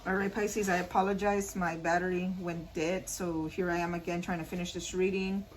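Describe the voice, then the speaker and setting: A woman's voice: on the low side, flat delivery, normal speed, a little hiss or hum, rough recording. A woman doing a casual spoken tarot reading, talking straight to her viewers and repeating her points earnestly. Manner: repetitive, earnest, addresses viewers directly. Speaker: tarot card reader.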